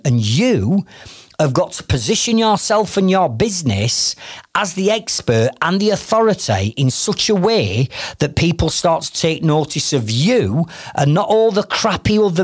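A man's voice: fairly high pitch, breathy edge, no room sound, clean studio sound. A middle-aged man, talking as a business coach in a blunt, exasperated, rhetorical way. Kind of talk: motivational podcast talk.

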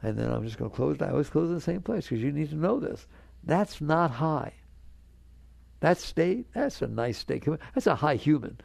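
A man's voice: fairly high pitch, very animated, normal speed, creaky, a little mellow, dry recording. A man giving a spiritual talk to an audience, earnest and conversational, coaxing his listeners along. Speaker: spiritual teacher.

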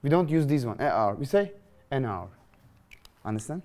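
Lively man teaching grammar. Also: medium pitch, moderate pace, long pauses. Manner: lively, questioning, repeats phrases to students. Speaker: English teacher. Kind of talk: classroom grammar lesson.

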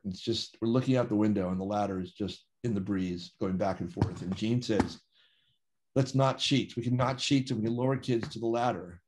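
A man telling a gripping first-person story in an animated, vivid way, acting out quoted dialogue. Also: lowish voice. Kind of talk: conversational storytelling.

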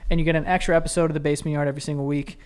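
A man's voice: on the high side, flat delivery, rapid-fire, darkish tone, smooth. A man hosting a casual podcast, joking around, laughing often and trailing into mumbled asides. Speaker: podcast host.

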